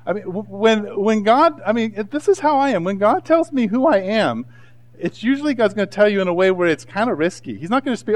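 Male pastor, 30s, lively conversational sermon delivery, slightly higher voice. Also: fairly quick. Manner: animated, conversational preaching with voiced asides.

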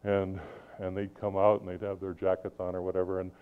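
A middle-aged man delivers a sermon in a lowish voice, swinging between loud emphasis and soft asides. The sound is thin and narrow, like it's coming over a phone line. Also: completely flat delivery, brisk. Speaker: preacher.

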